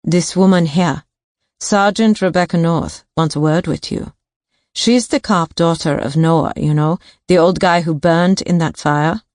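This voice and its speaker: Woman doing a low-voiced german barkeep lady, curt and needling, dry sound. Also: unhurried, darkish tone, dry recording, close to an everyday voice. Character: guarded female German barkeep.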